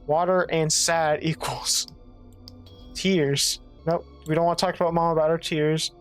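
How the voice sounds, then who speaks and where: A woman streams a game, thinking out loud and swearing freely as she works through it. Her voice sits a little low, and she reads bits of the game text aloud between her muttering. Faint game music plays underneath. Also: fairly even intonation, a little slow. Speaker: gaming streamer. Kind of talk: let's play commentary.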